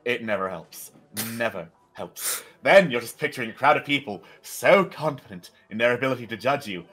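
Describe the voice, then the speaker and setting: A man's voice: medium pitch, animated, moderate pace, a bit bright, slightly rough. An actor playing an anxious Englishman, a stage performer living in France, who talks in a hesitant, rambling way. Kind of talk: character role-play.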